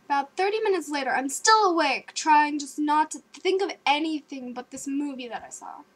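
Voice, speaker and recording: A young woman casually telling a story to her webcam at home, animated and jumpy, with gasps, sudden loud outbursts and lots of likes and ums. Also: high voice, normal speed. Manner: filler-heavy, with many likes and ums. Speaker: vlogger.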